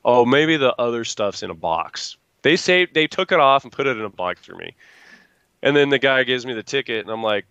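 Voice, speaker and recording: A man's voice: lowish voice, fast, a bit bright, clear, resonant tone, no room sound, muffled recording. A man chatting casually as a guest, rambling through stories and acting out what people said. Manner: rambling storyteller acting out quotes. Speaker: guest truck builder. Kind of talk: casual chat.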